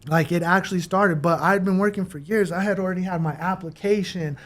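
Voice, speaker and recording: A man telling his life story in a casual interview, slangy and animated, with many fillers. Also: high-pitched, a little fast. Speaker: guest.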